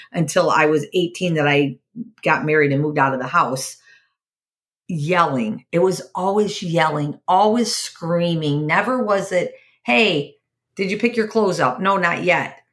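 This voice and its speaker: A woman's voice: low voice, a little slow. A woman hosting a podcast, candid and confessional, repeating phrases for emphasis as she tells a personal story. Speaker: podcast host.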